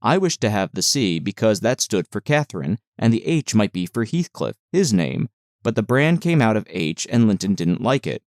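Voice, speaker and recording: A man with a fairly low voice reads a classic novel aloud in a measured, expressive way. The sound is dry and close, with almost no room around it. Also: no room sound. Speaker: audiobook narrator. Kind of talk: scripted narration of a classic novel.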